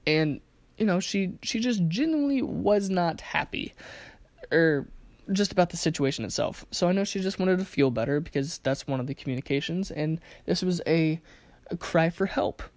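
Casual lesson teacher, lively anecdotes and rhetorical questions, mid pitch, dry close sound. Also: moderate pace, no room sound. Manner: lively storytelling with acted-out quotes and frequent rhetorical questions. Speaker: communication teacher.

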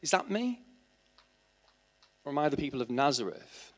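A man's voice: a little high, sing-song, moderate pace. A man preaching a sermon in church, asking his congregation rhetorical questions and building to emphatic, passionate points. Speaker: teacher.

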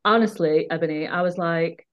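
A woman with a lowish voice tells a personal story in an earnest, emphatic way. She often repeats words when the point matters to her. The sound is a bit muffled and dull. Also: normal speed. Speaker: guest. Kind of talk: candid conversational storytelling.

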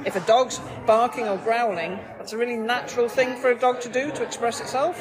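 A woman's voice: fairly high pitch, steady tone, brisk. A woman co-hosting a podcast as a therapist, explaining her points methodically, step by step. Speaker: podcast co-host, human therapist. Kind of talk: casual explanatory discussion. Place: busy coffee shop. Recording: noisy cafe chatter behind.

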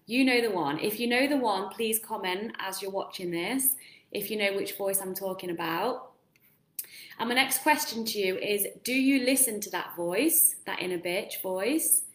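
A woman's voice: mid-range voice, moderate pace, echoey room. A woman giving a live-streamed motivational talk as a self-help coach, speaking directly to viewers with frequent questions and casual swearing.

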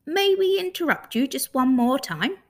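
A woman voicing Rabbit, a keen toy rabbit who speaks in an eager, often breathy hush, in a storybook reading. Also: high-pitched, very animated, normal speed, pitched above the performer's own voice.

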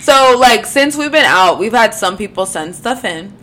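A woman's voice: on the high side, animated, moderate pace, noisy background. Slangy young woman chatting. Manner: casual slangy talk, frequent "like" fillers. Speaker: podcast co-host. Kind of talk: casual chat.

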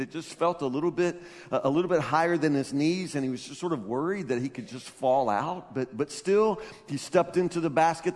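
A man preaching a sermon, telling stories in an animated way with emphatic peaks. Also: a little high. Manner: animated storytelling, rising to loud emphatic peaks. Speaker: pastor. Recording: long hall reverb.

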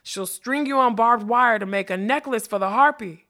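Woman reader playing a coarse carnival thug: gruff, mocking, smug. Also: fairly low pitch, animated, normal speed, a bit bright, dry recording, studio quality. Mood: taunting.

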